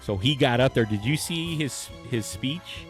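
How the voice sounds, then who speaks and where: Over soft background music, a man co-hosting a podcast chats a little slowly in a medium pitch with lively intonation. He tells animated stories, acts out quoted lines, and laughs a lot.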